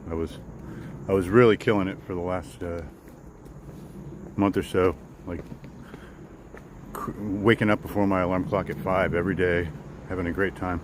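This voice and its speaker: A man's voice: sits low, steady tone, moderate pace, pauses often, noisy background. A man casually chatting with live viewers while walking outdoors in the woods, rambling and repeating himself. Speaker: vlogger hosting a live walk.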